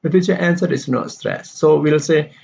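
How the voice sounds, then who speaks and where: A man teaching English stress and intonation, explaining slowly with frequent pauses and fillers, on a dull lo-fi recording. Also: on the high side, vocal fry, darkish tone, husky. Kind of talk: explaining stress in story reading.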